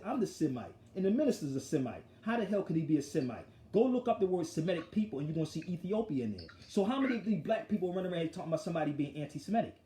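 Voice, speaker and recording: Animated storytelling man, roomy echo. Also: a little high. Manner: forceful, animated retelling of an argument. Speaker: show host. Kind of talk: casual street talk storytelling.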